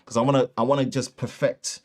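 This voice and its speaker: A man's voice: mid-range voice, level tone, a little fast. Casual rambling Northern English man host. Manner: casual, rambling, reads news with asides and restarts. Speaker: tech show host. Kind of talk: live-stream tech chat. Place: home studio with acoustic treatment. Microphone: shotgun mic.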